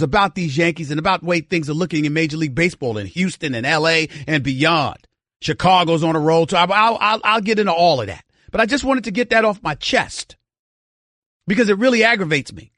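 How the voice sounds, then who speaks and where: Middle-aged guy going off on sports radio, pretty high voice, bit strained, dry studio mic. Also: fairly bright tone, no echo. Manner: heated, ranting, with many repeated words. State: straining an irritated voice after vocal cord surgery. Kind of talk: opinionated sports talk monologue.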